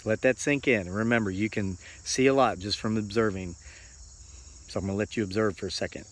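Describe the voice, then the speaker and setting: An American homesteading vlogger holds his phone and delivers an earnest motivational talk in a lowish voice at a fairly quick pace. He rambles and repeats himself for emphasis, using lots of fillers.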